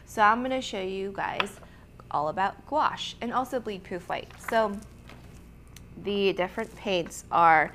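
A woman's voice: mid-range voice, unhurried, noisy background. Chatty woman hosting an art tutorial. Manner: chatty, laughs easily, many ums and restarts. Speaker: art instructor and host. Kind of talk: casual tutorial talk.

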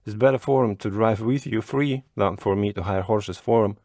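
A man's voice: fairly low pitch, normal speed, darkish tone, no echo, clean studio sound, close to an everyday voice. A man voicing a sleepy, fussy older male postmaster in a storybook reading, chatty and raising his voice as he sends the cart off. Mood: persuasive.

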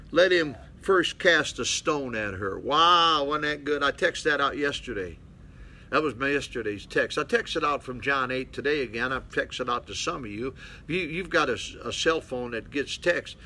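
Blunt older male pastor, bright voice. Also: medium pitch, slight background noise. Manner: blunt, calls out to listeners. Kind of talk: folksy preaching Bible study. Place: small mission hall.

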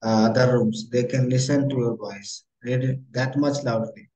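A man's voice: mid-range voice, steady tone, normal speed, dark tone. Man tutoring in a roomy echo. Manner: corrective, repeats instructions in non-native English. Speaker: Korean language teacher. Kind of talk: online tutoring lesson.

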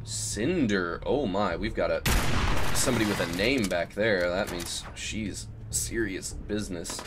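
A man giving casual let's-play commentary on a video game, excitable and swearing freely, sometimes breaking into silly squeals. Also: sits low, measured pace, background noise. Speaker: gaming YouTuber.

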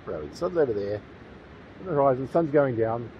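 A man's voice: mid-range voice, expressive, fairly quick, highs cut off, slight background noise. A man with a New Zealand accent, vlogging outdoors near a railway tunnel in a chatty, enthusiastic, rambling way, with plenty of fillers. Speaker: paranormal vlogger. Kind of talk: casual outdoor vlog.

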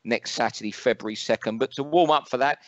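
On a casual podcast, a London-accented man co-hosts as a boxing pundit, reeling off fight records rapidly and ranting with strong opinions. His voice is medium in pitch, with no room sound and the highs cut off.

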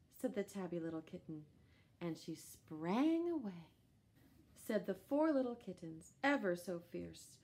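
A woman reading a children's picture book aloud in a gentle, lively storytelling manner with animal sounds. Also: lowish voice, unhurried. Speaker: storybook reader.

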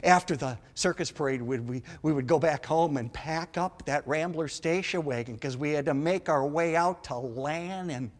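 A middle-aged man from Milwaukee telling comic stories on a theater stage, swinging between loud excited outbursts and soft asides. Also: on the high side, normal speed, hardly any pauses. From Milwaukee, Wisconsin. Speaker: stand-up storyteller. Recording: long theater reverb.

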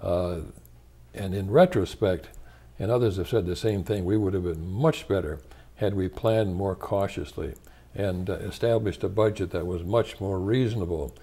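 An older man from the United States speaks low and mellow in an interview. He is measured and reflective, often pausing to gather his thoughts. His deep, relaxed tone carries an unhurried, thoughtful manner. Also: breathy edge. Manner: measured and thoughtful, with frequent pauses and restarts. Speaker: interviewee, retired church leader.

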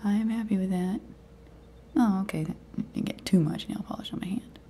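A woman hosting a nail art video, chatting casually and half-whispering to herself as she works, easily excited. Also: mid-range voice, fairly quick, a little hiss or hum. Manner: mutters and half-whispers to herself while working; excitable, eager. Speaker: nail art channel host. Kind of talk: casual tutorial commentary.

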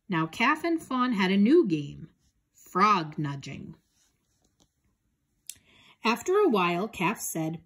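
A woman reading a children's picture book aloud in a gentle, expressive way. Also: lowish voice, slow, slightly rough. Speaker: storybook reader.

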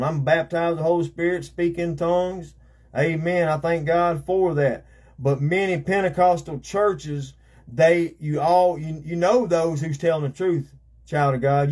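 A man's voice: on the high side, darkish tone, husky. A man preaching a fervent sermon as an evangelist, repeating himself and calling out amen and praise God.

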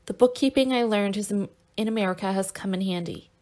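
A woman's voice: medium pitch, fast, a little mellow, natural voice. A woman voicing an impulsive young man who is emotional and imploring, in an audiobook. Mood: indignant.

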